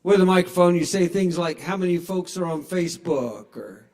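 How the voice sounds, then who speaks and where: A man works a small bar crowd through a stage microphone, playful and self-mocking. His voice sits high for a man. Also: lively intonation, moderate pace, a little mellow. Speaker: stand-up comedian. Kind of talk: stand-up comedy set. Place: small bar at a live open mic. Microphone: handheld stage microphone.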